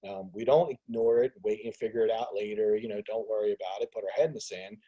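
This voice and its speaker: A man hosting a business group call on a video call, talking casually in an animated rant. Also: on the low side, fast, slightly rough, muffled recording. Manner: animated ranting, acts out others' voices. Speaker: host of a business mastermind call.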